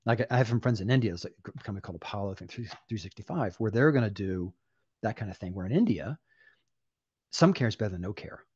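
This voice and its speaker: An older man talks fast and with animation as an interview guest, acting out the people in his stories. His voice is low and husky. The recording sounds dull and dry. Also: no room sound. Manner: animated storyteller, acting out dialogue. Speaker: guest, applied AI director. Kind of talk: interview conversation.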